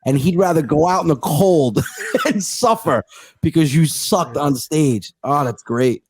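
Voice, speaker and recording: A young man, a comedian guest, telling stories in casual chat, animated and profane, acting out what other people said. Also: on the high side, a little slow.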